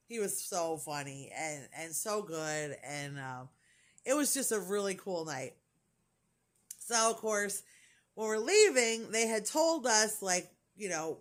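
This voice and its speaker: A woman's voice: mid-range voice, animated, a little slow, fairly bright tone. A woman in her forties telling a rambling, gushing story in casual vlog chat, full of fillers. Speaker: crafting vlogger.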